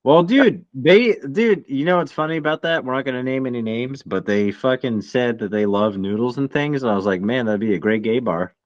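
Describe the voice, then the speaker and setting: Man co-host, mid pitch, blunt and teasing, swears freely, dry lo-fi sound. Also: animated, brisk, hardly any pauses, no room sound. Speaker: podcast co-host. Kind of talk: casual podcast chat.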